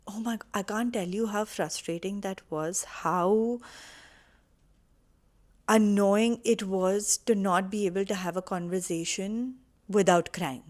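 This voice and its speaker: Earnest woman. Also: mid-range voice. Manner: earnest, expressive, reassuring. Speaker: vlogger sharing personal healing advice. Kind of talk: casual heartfelt talk to camera.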